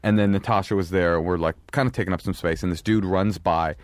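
A man on a podcast tells stories in a low voice, swearing freely and acting out both sides of each argument. The sound is dry and close, with no room around it. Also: quick pace, no echo. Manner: profane, animated anecdote teller who acts out dialogue. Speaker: podcast co-host. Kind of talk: casual chat, storytelling.

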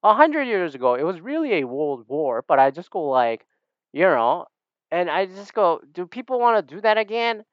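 A man talking casually and at length, rambling and animated and swearing freely. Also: sits high, moderate pace, no echo, lo-fi sound. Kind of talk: casual opinion monologue.

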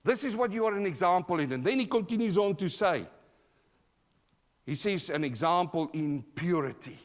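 Emphatic Australian preacher. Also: male voice, expressive, normal speed. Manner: emphatic, call-and-response preaching; swings from loud and high to low and quiet. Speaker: pastor. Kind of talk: sermon. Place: church.

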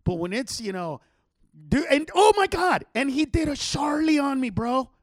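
A man's voice: very high voice, expressive, moderate pace, no room sound, studio quality. A middle-aged man, a comedian hosting a podcast, telling rambling, profane stories in casual chat with lots of restarts.

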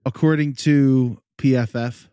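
A man's voice: mid-range voice, steady tone, a little slow, warm tone, clean tone, dry recording, studio quality. A man co-hosting a casual sports podcast, hesitant and teasing, often laughing. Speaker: podcast co-host.

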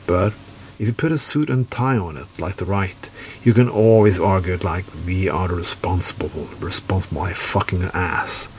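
A man's voice: sits low, a little hiss or hum. A man from Norway with a Norwegian accent, giving a furious political rant full of swearing. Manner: heavy swearing, furious and blunt.

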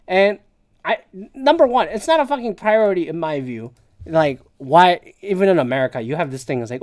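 Podcast host, male, profane and sarcastic, lively pitch, ranting solo. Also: a little fast, dry recording, studio quality. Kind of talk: casual solo commentary.

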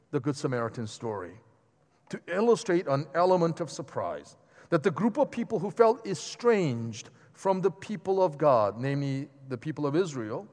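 Man preaching, higher voice, lively pitch, chatty asides, church hall echo. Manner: animated, conversational preaching with asides to the congregation. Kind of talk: sermon. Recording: long hall reverb.

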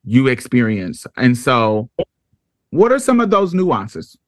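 A woman's voice: very deep voice, big pitch swings, takes it slowly, no room sound, studio quality. A woman hosting a podcast interview, talking in an emphatic, blunt way with salty language. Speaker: podcast host. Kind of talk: casual interview chat.

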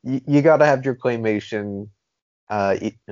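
A man's voice: mid-range voice, normal speed, darkish tone, no room sound, highs cut off. A man who is a podcast guest, chatting playfully, laughing easily and exaggerating for fun. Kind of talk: casual chat.

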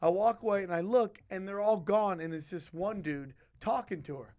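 A man on a podcast telling a rowdy, profane story with lively acted-out quotes. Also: high voice, moderate pace. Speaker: podcast guest. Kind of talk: casual storytelling.

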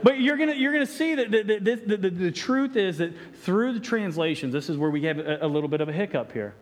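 A man's voice: high-pitched, expressive, fast. A man preaching a sermon as pastor, stumbling through many restarts and acting out voices. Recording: echoey hall reverb.

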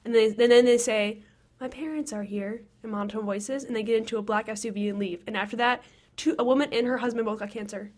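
A young woman co-hosting a podcast in casual chat, bubbly and excitable, often giggling. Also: fairly high pitch, fast. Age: young adult. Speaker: podcast co-host.

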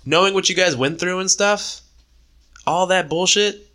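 A man in his twenties casually retelling a story in a profane, animated way, with frequent laughs. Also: sits high, unhurried. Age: 20s. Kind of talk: casual book discussion.

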